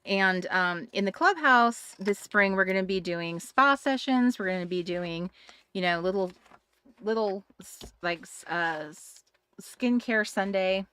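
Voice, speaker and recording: A woman's voice: mid-range voice, a little slow, sharp tone, smooth, no echo. Chatty Boston-accented woman streaming. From New England, United States. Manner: chatty, laughs often, many restarts and asides to chat viewers. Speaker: craft livestream host. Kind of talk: casual livestream chat while crafting.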